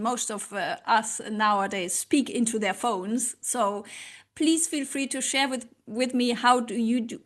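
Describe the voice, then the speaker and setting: Woman language coach, a touch high-pitched, non-native English accent, earnest and casual to camera. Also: a bit bright. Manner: earnest, pauses to search for words.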